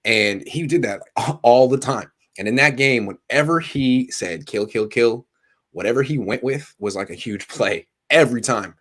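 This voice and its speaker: A man's voice: medium pitch, moderate pace, hardly any pauses. A man hosting a casual sports talk show, talking animatedly with frequent restarts. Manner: animated, storytelling, lots of restarts. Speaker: sports podcast host.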